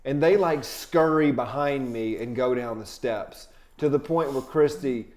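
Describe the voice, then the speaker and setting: A man who is a touring comedian telling a wild story as a podcast guest, animated and profane, dropping to low asides and rising to loud outbursts. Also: unhurried.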